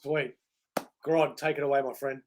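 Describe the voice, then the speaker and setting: A man's voice: medium pitch, flat delivery, moderate pace, a little hiss or hum. An Australian man hosting a podcast, making playful, showman-like introductions in casual chat. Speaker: podcast host.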